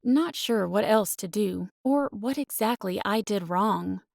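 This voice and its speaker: A woman narrating a first-person romance audiobook with expressive, earnest storytelling. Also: medium pitch, a little slow, creaky, dry recording, studio quality.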